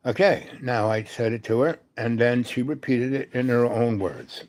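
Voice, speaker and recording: A man's voice: medium pitch, moderate pace, few pauses, darkish tone. Man telling a rambling personal story. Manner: meandering, frequent fillers and asides. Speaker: live stream host.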